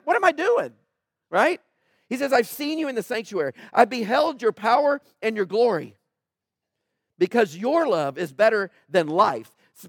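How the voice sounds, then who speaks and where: High-pitched preaching man, dry sound. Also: dry recording. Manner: emphatic preaching with rising bursts of volume; acts out prayers and quoted speech. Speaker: pastor. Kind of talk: sermon.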